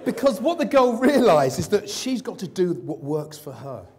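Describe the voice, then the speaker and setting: Lively male keynote speaker, fairly high voice, animated and jokey, quizzes the crowd. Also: moderate pace, slight background noise. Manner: lively, jokey, asks the audience questions. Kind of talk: motivational keynote talk to a live audience. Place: event hall with an audience.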